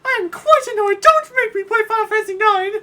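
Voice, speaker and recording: A man voicing a prim, easily annoyed princess in a high, theatrical falsetto while playing a game. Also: lively intonation, fairly quick, sharp tone, full character voice. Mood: indignant. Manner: shrill, theatrical, indignant. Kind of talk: let's play voice acting.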